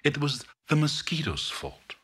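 A shrill, panicky iguana. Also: male voice, sing-song, measured pace, bright, forceful tone, breathy edge, heavily acted. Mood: protesting. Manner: protesting, high and strained. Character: shrill frightened male iguana.

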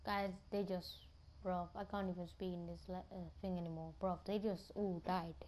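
A woman's voice: lowish voice, little pitch movement, moderate pace, darkish tone, slight background noise. A woman giving casual, muttered commentary while playing a game, swearing often. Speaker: gamer.

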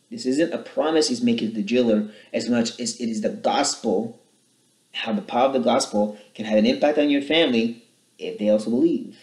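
A man's voice: darkish tone, reverberant, low-quality recording. A man giving a short Bible teaching, earnest and explanatory, reading scripture aloud and then questioning how it is used. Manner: earnest, rises in pitch and volume when reading scripture aloud.

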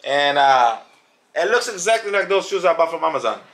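Emphatic man with a bright voice. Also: a little high, fairly quick. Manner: emphatic, animated, repeats words for stress. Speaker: family channel vlogger reviewing shoes. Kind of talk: casual product review.

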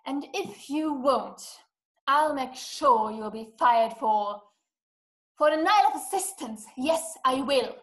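Une femme qui joue une dame riche, affolée et autoritaire. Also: female voice, high-pitched, lively intonation, takes it slowly, poor audio. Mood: insistent. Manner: urgent, demanding, scolding. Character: frantic, imperious wealthy woman. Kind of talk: amateur video-call play.

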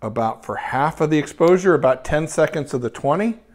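A man's voice: on the high side, lively intonation, a little fast. A man hosting a live photography stream, chatting cheerfully while he works through a demo and praising each shot. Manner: upbeat and chatty, lots of praise words.

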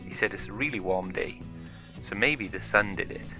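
A man's voice: lowish voice, normal speed, music in the background. A man improvising a toy play story, narrating it in a chatty, plain way.

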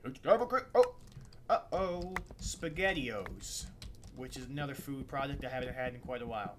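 A man's voice: mid-range voice, animated, moderate pace, noisy background. A young American man, goofy and rambling, doing gameplay commentary for his channel and tossing off silly rhymes. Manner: goofy, rambling, rhyming asides. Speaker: gaming channel host. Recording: game music underneath. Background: background game music.

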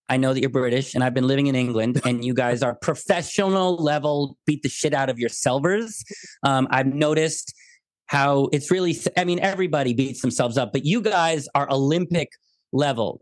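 An American man speaking as a guest on a remote interview, animated and jokey, full of quoted asides. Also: medium pitch, no echo. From United States. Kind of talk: podcast interview.

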